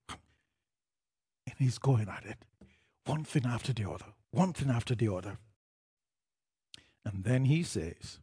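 A man preaching a personal testimony to a church audience, telling it as a story and building to loud, emphatic peaks. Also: medium pitch, breathy edge. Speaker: preacher sharing his testimony. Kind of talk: sermon testimony.

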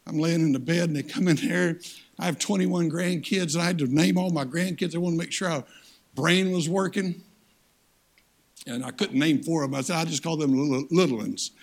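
An older man preaching in a fairly high, gravelly voice. He drives his points home by repeating phrases and calling out to the congregation for a response. His delivery is emphatic and earnest. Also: moderate pace. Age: 60s. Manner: emphatic, repeats phrases for stress, calls on the audience. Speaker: guest preacher. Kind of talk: sermon.

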